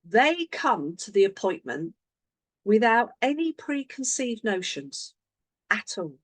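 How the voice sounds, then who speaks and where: Animated woman coaching a team. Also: mid-range voice, takes it slowly, no echo. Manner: animated, acts out sample conversations. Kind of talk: online team coaching session.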